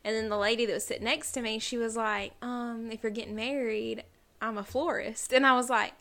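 A young woman with a drawl co-hosts a casual podcast. Her voice is bright and a little tense, and she strings her stories together with "like" and "and then". The chat sounds loose and conversational. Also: on the high side, fairly even intonation, brisk. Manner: rambling storyteller, heavy use of "like". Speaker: podcast co-host.

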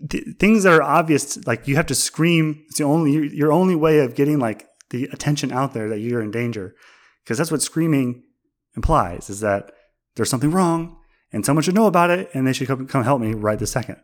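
A young man rants about pet peeves in a loose, rambling way, full of mock outrage and sarcastic asides. His voice sits at an ordinary middle pitch for a man. He sounds like he is talking to camera at home. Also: a little fast. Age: young adult. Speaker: vlogger. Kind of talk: casual comedic rant.

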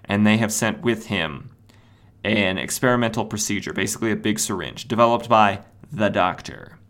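Man reading a shady lawyer, halting and low, comic-book recap. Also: fairly bright tone, natural voice. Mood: matter-of-fact. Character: scheming male lawyer, matter-of-fact.

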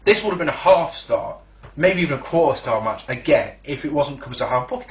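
Sarcastic male reviewer, lively swooping delivery, slightly high voice. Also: a little fast, dull audio. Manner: sarcastic, profane, ranting. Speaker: wrestling reviewer. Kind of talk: sarcastic recorded show review.

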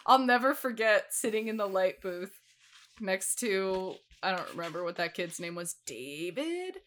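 A woman in her twenties co-hosting a podcast, telling animated stories in casual chat and laughing often. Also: mid-range voice, a little slow. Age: 20s. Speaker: podcast co-host.

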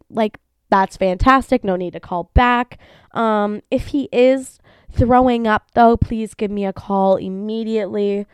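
A woman's voice: medium pitch, measured pace, clear, resonant tone, no echo. A young woman hosting a casual solo podcast, telling a story animatedly and acting out the people in it, with some swearing. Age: young adult. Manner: animated, swearing, acts out quoted voices. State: sneezy from allergies. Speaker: podcast host. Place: at home.

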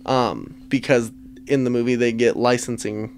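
A man's voice: mid-range voice, fairly even intonation, moderate pace, a little mellow, a little hiss or hum. A man co-hosting a casual podcast, recapping a movie scene by scene with frequent laughter and swearing. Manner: profane, laughing, acts out lines from scenes. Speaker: podcast co-host.

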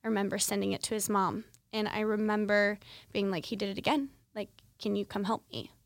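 A woman's voice: medium pitch, fairly even intonation, a little fast, creaky, no echo, clean studio sound. A young woman in her twenties hosting a podcast, telling a personal story in a candid, conversational way with lots of fillers. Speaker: podcast host.

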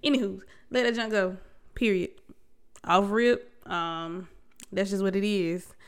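A woman's voice: mid-range voice, steady tone, a little slow, clear, resonant tone. A young adult woman hosting a solo podcast, talking candidly in a slangy, conversational way with frequent restarts. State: congested. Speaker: podcast host. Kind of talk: casual solo podcast talk.

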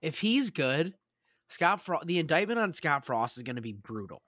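A man's voice: fairly high pitch, normal speed, slight background noise. A young man co-hosting a casual sports podcast, joking around and swearing freely. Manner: animated, joking, swears often, laughs a lot. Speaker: podcast co-host.

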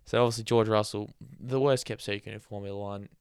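A man's voice: lowish voice, steady tone, quick pace, a little mellow, clear, resonant tone, no room sound, studio quality. A man hosting a casual solo podcast, rambling and chatty, with sarcastic asides and laughs at his own jokes. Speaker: podcast host.

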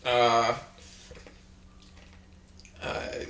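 A man co-hosting a podcast in casual chat, rambling and joking, with a loud fake laugh. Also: medium pitch, monotone, extremely slow, long pauses, reverberant. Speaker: podcast co-host.

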